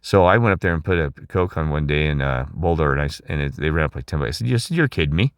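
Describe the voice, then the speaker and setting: A man's voice: a bass voice, steady tone, quick pace, clean tone, no room sound, studio quality. A middle-aged man talking in a rambling, emphatic monologue, asking listeners questions and restarting his sentences. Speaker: channel host.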